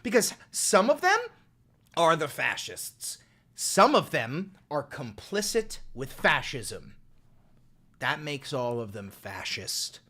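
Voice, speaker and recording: A man's voice: fairly high pitch, big pitch swings, slow pace, pushed and bright. A man in his twenties giving profane, impassioned political commentary on a livestream into a desk microphone. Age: 20s. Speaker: live streamer.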